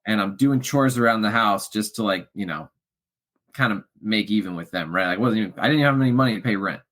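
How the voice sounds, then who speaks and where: Man telling his story with raw feeling. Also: brisk. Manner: emotional, swings from low murmurs to loud shouts. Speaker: podcast guest. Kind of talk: candid storytelling interview.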